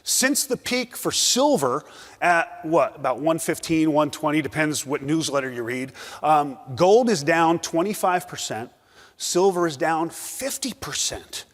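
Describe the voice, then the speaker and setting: A man's voice: a little high, lively intonation, unhurried. A middle-aged man giving a casual, joking talk at a conference, full of fillers. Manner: joking, conversational, many fillers. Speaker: conference speaker. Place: conference hall. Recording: reverberant hall.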